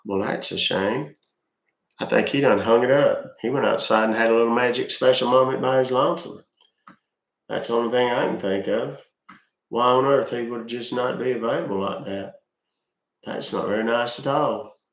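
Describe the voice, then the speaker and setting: A man's voice: mid-range voice, moderate pace. A middle-aged man with a congested voice, chatting folksily with viewers as a live-stream scambaiting host. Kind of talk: casual live-stream chat. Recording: roomy echo.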